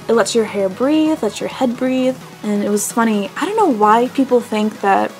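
A woman's voice: medium pitch, a little mellow. A woman in her twenties from New Jersey, chatting casually through a product review and laughing often. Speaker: beauty vlogger.

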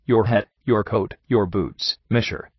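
Man doing excitable French detective, husky, low voice, quick exclamations, dull dry recording. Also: no echo. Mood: commanding.

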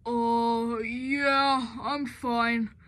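A woman voicing a forgetful, easygoing male diesel engine with a slightly gravelly voice. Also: a little high, little pitch movement, drawn-out words, fairly bright tone.

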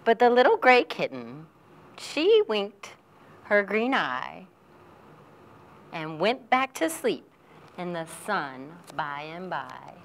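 A woman's voice: fairly low pitch, sing-song, takes it slowly, pauses often, slight background noise. A woman librarian reading a children's picture book aloud in a sing-song storytelling voice. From from the United States. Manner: sing-song storytelling with animal sound effects.

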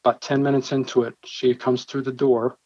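A man's voice: mid-range voice, level tone, fairly quick, a little mellow, dry recording. Earnest man telling a church story. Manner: earnest, vivid storyteller who acts out his own quoted dialogue. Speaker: church pastor. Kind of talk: personal storytelling in an interview. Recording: dull, slightly lo-fi dry recording.

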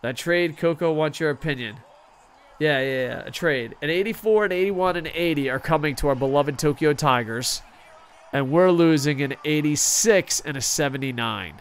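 A man casually commenting over a hockey video game, excitable, swearing often and talking to himself. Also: a little high, moderate pace, a little hiss or hum. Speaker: gaming streamer.

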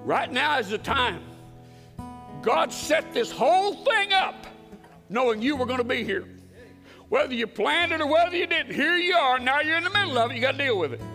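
A man preaching a folksy, earnest sermon in a church, emphatic and sometimes dropping to a hush. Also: very high-pitched, sing-song, moderate pace. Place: church sanctuary. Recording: reverberant church hall with soft guitar.

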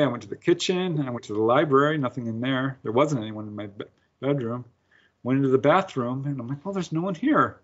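Male guest, animated storyteller who acts out his own lines, mid pitch, muffled call audio. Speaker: guest, author and experiencer. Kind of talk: casual storytelling interview.

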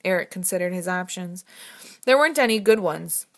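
Her fairly low-pitched voice carries a novel's audiobook narration in a steady, expressive storyteller's manner, read from a script.

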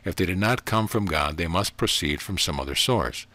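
A man with a deep voice reading the lines of an eager, earnest minister who asks questions and sometimes hesitates, recorded dry. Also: expressive, moderate pace, bright, forceful tone, no room sound, exaggerated voice. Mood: earnest questioning.

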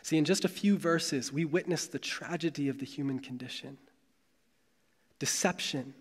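A man preaching a sermon as pastor, reading scripture in a dramatic, measured delivery with long pauses. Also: on the high side, breathy edge. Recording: long hall reverb.

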